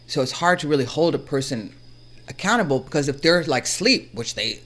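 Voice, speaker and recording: Male co-host, casual chat, slightly high and very lively pitch, animated and expressive. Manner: animated, expressive, quick to laugh and act out quotes. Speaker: podcast co-host.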